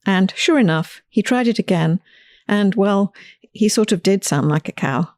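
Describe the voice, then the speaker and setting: A woman host and author telling a personal story in a scripted, lively reading style. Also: mid-range voice, normal speed, dry recording, clean studio sound.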